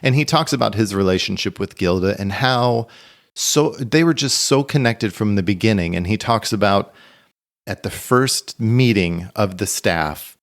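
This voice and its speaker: A man co-hosting a podcast in an easygoing chat. His voice sits a little low, and he rambles his way through anecdotes with many fillers and restarts. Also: normal speed. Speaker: podcast co-host.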